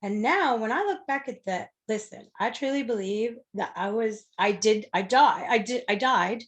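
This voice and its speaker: A woman's voice: fairly high pitch, lively intonation, normal speed. A woman guest telling a personal story in a conversation, speaking candidly, swearing freely and acting out the people she quotes. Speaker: interview guest.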